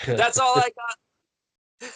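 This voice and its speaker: Casting: jokey, animated man, bright forceful voice, close dry mic. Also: very high voice, very slow, dry recording, rough recording. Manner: animated, jokey, thinking aloud. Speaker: podcast co-host. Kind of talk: casual chat.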